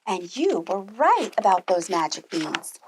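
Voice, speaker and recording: A woman's voice: mid-range voice, big pitch swings, unhurried, breathy edge. A woman voicing a poor worried mother. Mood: emotional. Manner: exclaiming.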